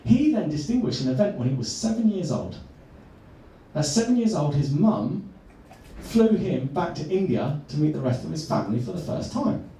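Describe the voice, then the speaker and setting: A man, a coach, telling a personal story earnestly and slowing down for emphasis. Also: on the high side, big pitch swings, warm tone, a little hiss or hum. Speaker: transformational coach. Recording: echoey room, far from mic.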